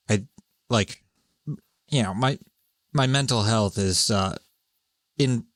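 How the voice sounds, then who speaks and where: A man's voice: fairly low pitch, dry recording, clean studio sound. A man hosting a casual solo podcast, rambling, swearing and laughing as he rants. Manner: rambling, profane, exasperated; laughs often while talking. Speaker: podcast host.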